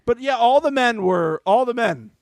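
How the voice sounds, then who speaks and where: A man's voice: very high voice, lively intonation, normal speed, gravelly, no echo. A man co-hosting a podcast, chatting casually and mockingly acting out the cast. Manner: mocking, acts out the cast in put-on voices. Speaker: podcast co-host. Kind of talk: casual chat recapping a reality show.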